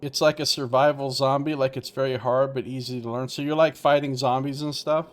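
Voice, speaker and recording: A man's voice: medium pitch, a little fast. Chatty man streaming a game. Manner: relaxed and chatty, answers viewers, hedges with "like". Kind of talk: casual live-stream commentary.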